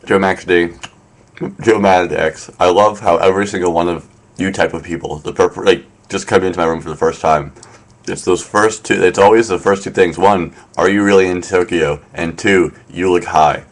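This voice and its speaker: A man's voice: low voice, fairly even intonation, normal speed. A man hosting a casual live stream from his room, rambling with lots of fillers and a wry tone. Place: apartment in Tokyo.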